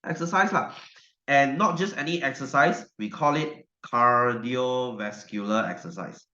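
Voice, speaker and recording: A man's voice: mid-range voice, a little slow, sharp tone. A male science teacher, giving a chatty online class lecture and repeating his questions to the class. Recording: dull, roomy echo.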